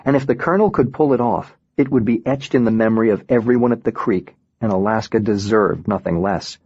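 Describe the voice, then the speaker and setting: Husky guy reading a novel out loud, steady and thoughtful, dull dry lo-fi sound. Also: on the low side, fairly quick, dry recording. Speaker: audiobook narrator. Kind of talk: first-person audiobook narration.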